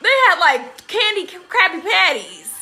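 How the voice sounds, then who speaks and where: Young woman chatting on a phone live stream, high voice that swoops all over, bright, laughs a lot and does silly cartoon voices. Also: measured pace, soft background music. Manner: laughs often, animated, quotes cartoon lines in silly voices. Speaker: TikTok live host. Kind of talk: casual live-stream chat reading comments.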